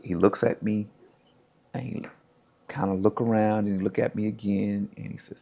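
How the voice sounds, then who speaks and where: Gravelly-voiced man telling animated stories. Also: on the low side, moderate pace. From United States. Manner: animated storyteller, acts out quoted voices. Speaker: interview guest, former pro football player. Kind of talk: casual storytelling.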